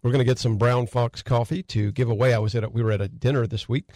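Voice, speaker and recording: A man's voice: mid-range voice, fast, dry recording. A man hosting a radio talk show from a studio in a folksy, repetitive, upbeat manner. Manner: folksy, repetitive, energetic welcome.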